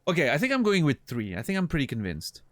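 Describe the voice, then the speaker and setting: A man's voice: on the high side, huge pitch swings, quick pace, fairly bright tone, dry recording. A young man streaming a game, chatting casually with viewers, swearing and laughing often. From Switzerland. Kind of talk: casual gameplay chat with viewers.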